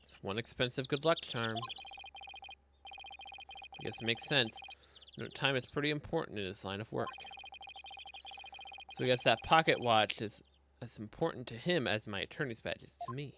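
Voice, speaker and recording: A man's voice: medium pitch, normal speed, long pauses, background noise, close to an everyday voice. A man voicing a young male lawyer in a video game in a dry, matter-of-fact way.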